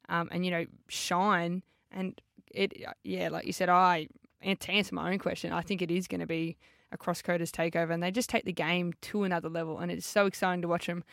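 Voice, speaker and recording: A woman's voice: on the low side, no echo, clean studio sound. A young Australian woman, a footballer co-hosting a podcast, chatting casually with lots of fillers and easy laughs.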